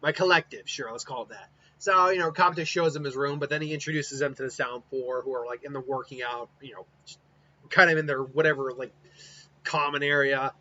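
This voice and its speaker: Bright-voiced rambling male storyteller. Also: medium pitch, fairly even intonation, fairly quick. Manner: rambling, many fillers and restarts. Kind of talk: casual story narration. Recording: dull lo-fi with faint hiss.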